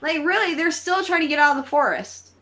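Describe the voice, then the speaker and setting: A woman's voice: high voice, fairly quick, poor audio. A woman hosting a live horror movie watch-along, chatting casually with lots of swearing and jokes. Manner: profane, animated and joking. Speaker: host.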